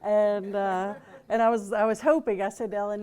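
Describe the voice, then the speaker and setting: A woman's voice: mid-range voice, a little fast, darkish tone, clear, resonant tone. A woman reverend giving a casual, humorous talk to a group in a gathering room, chatty and loose, with many fillers and restarts. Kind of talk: casual spoken sermon with humor.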